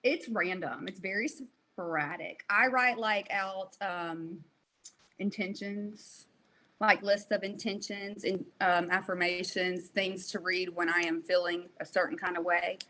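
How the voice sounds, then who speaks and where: A woman in her late thirties with a bright, forceful tone set a little low in pitch. She tells her story candidly in a relaxed podcast chat, full of fillers and quick laughs. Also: rough recording. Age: 30s. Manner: candid and animated, laughs often, many fillers. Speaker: guest, fitness competitor. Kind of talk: casual podcast interview.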